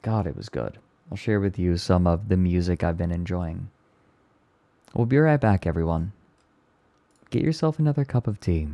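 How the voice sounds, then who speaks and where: A man streaming and chatting casually with his viewers, speaking gently and with enthusiasm. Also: low voice, expressive, brisk, gravelly, no echo. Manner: gentle, soft-spoken. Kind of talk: casual live-stream chat, answering chat.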